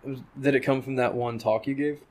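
A man co-hosting a podcast, telling stories in a casual, animated way, swearing freely and laughing often. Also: mid-range voice, fast talker. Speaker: podcast co-host. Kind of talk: casual chat.

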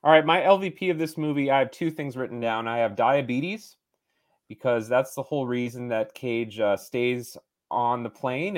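A man co-hosting a casual movie podcast in a mid-range voice. He rambles, with lots of fillers. His tone is chatty and conversational. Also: mid-range voice. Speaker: podcast co-host.

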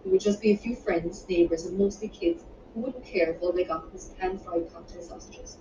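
A woman narrates her own romance novel in a steady, unhurried reading voice. She sits some way from the mic in a roomy space, and the sound is dull and muffled. Steady background noise runs under her. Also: lowish voice, distant mic. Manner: measured, unhurried reading with small restarts. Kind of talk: audiobook narration.

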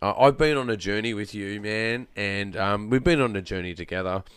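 A man's voice: on the low side, normal speed, a bit bright, clean tone, no room sound. A young adult man hosting a casual podcast chat, laid-back and rambling, full of fillers. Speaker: podcast host.

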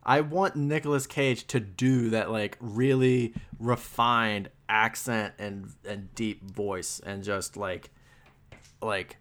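A man's voice: fairly low pitch, steady tone, slow, fairly bright tone. A young man co-hosting a casual film podcast, hesitant and restarting his sentences, with a teasing streak. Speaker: podcast co-host.

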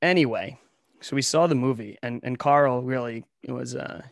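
A man's voice: mid-range voice, moderate pace, gravelly, a little hiss or hum. A young man from Ohio co-hosting a comedy podcast in a casual chat, full of sarcastic, ironic riffs. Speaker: podcast co-host.

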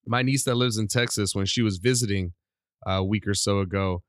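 Middle-aged guy rambling on his podcast, kinda sick, coughing, pretty deep voice, dry mic. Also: fairly quick, dry recording. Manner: rambling, animated, self-deprecating. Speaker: podcast host. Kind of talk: casual solo podcast monologue.

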